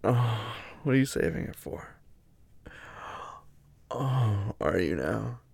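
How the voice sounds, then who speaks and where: Young man, intimate role-play, unhurried, gravelly, murmured and whispered close to the mic. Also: on the low side, expressive, darkish tone, no room sound. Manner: murmured, breathy, often whispered asides. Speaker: adult audio performer.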